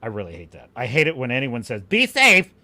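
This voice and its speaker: A man's voice: mid-range voice, expressive, fast, pushed and bright. A male podcast host ranting passionately on a livestream, emphatic and full of restarts. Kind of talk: livestream commentary rant.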